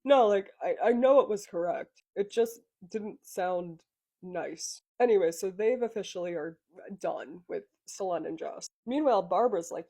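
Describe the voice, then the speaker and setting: A woman's voice: medium pitch, moderate pace, mellow. A young woman casually recapping a reality show, chatty and sarcastic, swearing freely.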